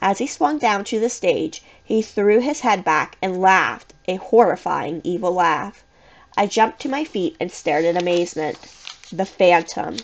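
A woman narrating a children's scary story in the first person, with an expressive, suspenseful reading. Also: fairly low pitch, measured pace, poor audio. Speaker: audiobook reader.

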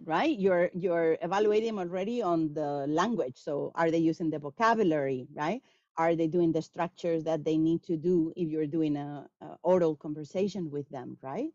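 A woman answering questions after a talk on language teaching, animated and acting out quoted students. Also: sits low, dry recording. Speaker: guest speaker on language teaching. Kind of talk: lecture Q&A answer. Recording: dull lo-fi sound.

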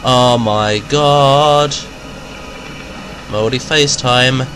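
Slow-talking gamer with a cold. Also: male voice, mid-range voice, over music. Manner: chatty, joking, exclaiming at the game. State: has a cold, a bit nasal. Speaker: gaming video host. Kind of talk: casual let's-play commentary.

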